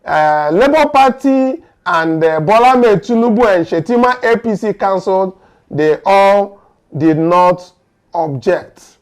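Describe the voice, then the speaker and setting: A Nigerian man recapping the news as a commentator, animated and acting out exchanges, with hesitant fillers between points. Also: sits high, takes it slowly. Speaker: political commentator.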